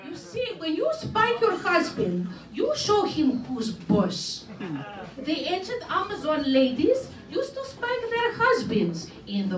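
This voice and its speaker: A woman putting on a bawdy older Greek lady with a thick Greek accent, high and swooping, who talks in broken grammar and cackles like a stand-up act. The voice is lively and theatrical. It comes from a pub stage, picked up from afar in an echoey room with a laughing crowd. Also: far from the mic, heavily acted. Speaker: stand-up comic. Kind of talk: character stand-up comedy. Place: pub stage at a variety show. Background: audience laughing.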